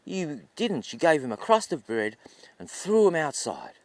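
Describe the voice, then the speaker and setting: An easygoing old hunter talks to himself in wonder and worry, as a man plays him. His voice rises and falls in a lively way. The sound is close and dry. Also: on the high side, measured pace, no echo, heavily acted. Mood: exasperated. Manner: wondering, chatty.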